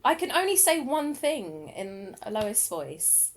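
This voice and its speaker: A woman's voice: fairly high pitch, big pitch swings, takes it slowly, crowd noise. A woman co-hosting a casual podcast chat, teasing and blunt, with some swearing. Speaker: podcast co-host.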